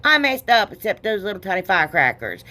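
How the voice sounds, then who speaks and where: A woman's voice: mid-range voice, sing-song, fast talker, sharp tone. Woman, casual craft vlog, rambling, self-deprecating. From United States. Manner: chatty, rambling, self-deprecating, laughs often. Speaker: craft vlogger. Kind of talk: casual craft tutorial chat.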